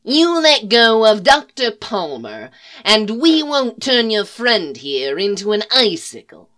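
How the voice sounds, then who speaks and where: A woman voicing a gruff man who roars threats at a rival group. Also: a little high, big pitch swings, slow, fairly bright tone, heavily acted. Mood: threatening. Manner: roaring, commanding. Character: gruff man holding a cold gun, barking threats.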